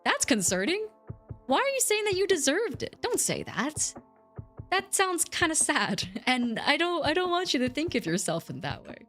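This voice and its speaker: A woman's voice: sits high, big pitch swings, moderate pace, a bit bright, faint music behind. A woman streamer chatting casually with her viewers, rambling and giggling as she answers chat.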